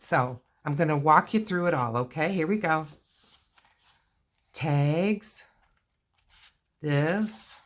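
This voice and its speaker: Woman crafter, low unhurried voice, chatty walkthrough, mutters to herself as she works. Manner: chatty, talks to herself while working. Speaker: crafting video host.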